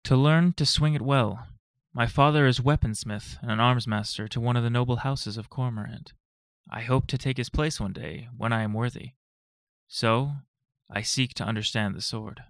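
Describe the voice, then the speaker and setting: A man's voice: mid-range voice, moderate pace, dry recording, clean studio sound, pitched above the performer's own voice, natural voice. A man doing an earnest young swordsman. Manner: polite, earnest, respectful.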